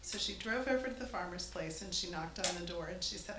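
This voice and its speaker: A woman's voice: medium pitch, a little fast, hardly any pauses. A woman telling a funny family story to a live audience in a church hall, chatty and amused. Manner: amused, chatty, laughs between lines. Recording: echoey hall with faint noise.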